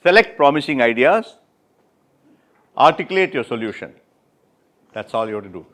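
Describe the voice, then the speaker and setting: A man with an Indian English accent running an interactive classroom workshop, repeating and rephrasing students' answers with brisk praise. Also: mid-range voice, animated, fairly bright tone. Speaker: workshop instructor.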